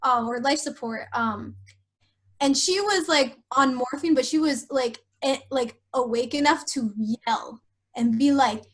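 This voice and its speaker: A young woman on a podcast, telling a painful personal story in an emotional, halting way with many fillers. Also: high voice, fairly bright tone. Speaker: podcast host.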